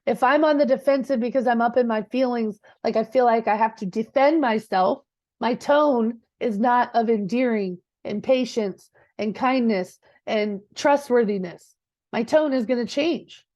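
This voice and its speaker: Woman, real estate coach, fervent motivational speaker, slightly high voice, lo-fi audio. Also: normal speed, darkish tone. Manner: passionate, preachy, Southern-casual with "y'all" and "girl".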